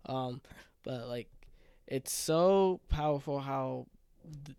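A man's voice: medium pitch, takes it slowly, a little mellow, clean tone, dry recording, clean studio sound. A man in his twenties hosting a solo podcast, talking earnestly and emotionally, rambling with many restarts. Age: 20s. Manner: earnest and emotional, choking up at times. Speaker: podcast host.

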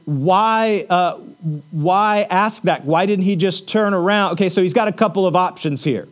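A man's voice: high-pitched, normal speed. A man preaching a sermon in a conversational way, asking rhetorical questions and using casual fillers. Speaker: pastor.

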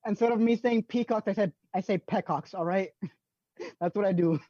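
A woman co-hosting a casual chat, loud, joking and over the top. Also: mid-range voice, normal speed, husky. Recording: dull lo-fi dry mic.

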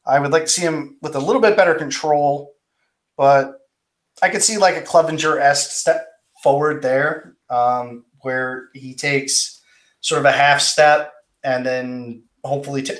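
A man's voice: mid-range voice, steady tone, a bit bright. A man co-hosting a podcast in casual chat, with many ums and restarts. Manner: halting, lots of restarts and ums. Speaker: podcast co-host.

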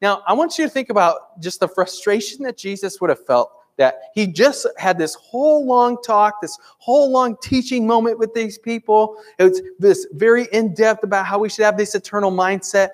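A man's voice: high voice, moderate pace, few pauses. A man in his thirties, a pastor preaching a conversational sermon in a church, earnest and full of rhetorical questions. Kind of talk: sermon with prayer.

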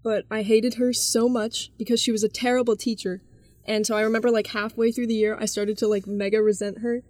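Animated teenage girl telling school stories. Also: fairly high pitch, fairly quick, no room sound. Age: teens. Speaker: student guest. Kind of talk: casual storytelling.

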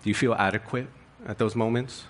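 A man preaching to his congregation in a somewhat low voice. He speaks earnestly and openly about his own feelings. He presses his points with repeated rhetorical questions. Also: steady tone, brisk, slight background noise. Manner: earnest, confessional, rising emphasis with rhetorical questions. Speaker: pastor. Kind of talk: sermon.

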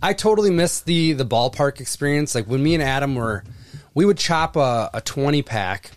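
A man chatting casually on a podcast as co-host, easygoing and quick to react. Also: mid-range voice, animated, dry recording. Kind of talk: casual chat.

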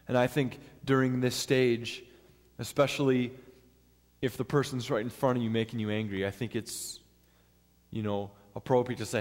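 A man's voice: medium pitch, steady tone, normal speed. A man preaching a sermon in an earnest, step-by-step teaching manner. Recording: long hall reverb.

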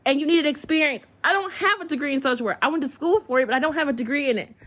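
A woman, hosting a podcast from home and telling a personal story in a chatty, excitable way. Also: high-pitched, rapid-fire. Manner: chatty, excitable, addresses listeners as y'all. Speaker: podcast host. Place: at home, child in the room.

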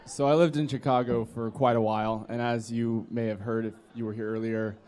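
A man's voice: mid-range voice, fairly even intonation, brisk, darkish tone. A man in his twenties telling a drunken story on stage, rambling and acting out his friends' voices. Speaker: storyteller at a live comedy podcast. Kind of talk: live comedic storytelling. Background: live audience laughter.

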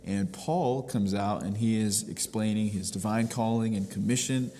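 A low-voiced man leads a devotional teaching in an earnest, step-by-step way, circling back over his points. His voice carries a long reverb, with faint room ambience behind him. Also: normal speed, warm tone, a little hiss or hum. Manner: earnest, explains step by step with frequent restarts. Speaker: pastor.

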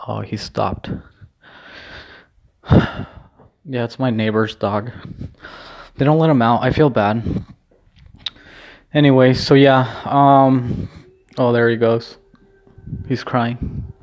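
A man's voice: mid-range voice, steady tone, slow, pauses often, highs cut off. A man vlogging from home in a casual, rambling chat, full of restarts and easy swearing. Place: at home, indoors.

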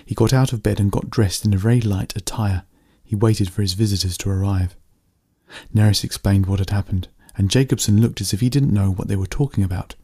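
A man reading a story aloud in a steady, plain narrating voice. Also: fairly low pitch, a little fast, breathy edge.

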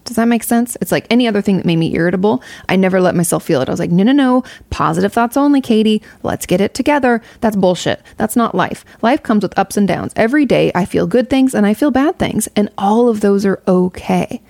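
A woman's voice: medium pitch, fast talker, gravelly, few pauses, darkish tone, dry recording. A young woman giving casual advice to her viewers, candid and rambling, swearing freely. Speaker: streamer answering a viewer question.

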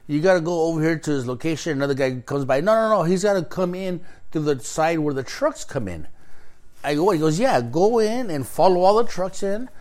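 A man's voice: a little high, fairly quick. A man casually telling a long story in a chat, swearing freely and acting out both sides of quoted exchanges. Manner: profane, animated, acts out quoted exchanges.

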